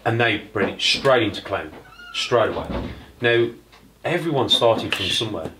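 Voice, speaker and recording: A man's voice: on the low side, animated, moderate pace, background noise. A man moderating a casual round-table talk, easygoing and encouraging, passing the turn to others.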